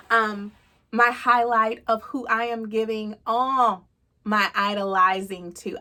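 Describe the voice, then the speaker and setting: A woman's voice: medium pitch, bright, forceful tone. A woman in her thirties hosting a casual devotional talk, earnest and chatty, calling listeners y'all with plenty of fillers. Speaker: host of a faith talk show.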